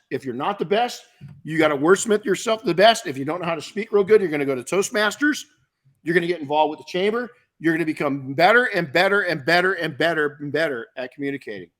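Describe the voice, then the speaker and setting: A man's voice: fairly high pitch, fairly bright tone. Blunt, emphatic middle-aged male coach. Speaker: podcast host and detailing business coach. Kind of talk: casual Q&A advice talk.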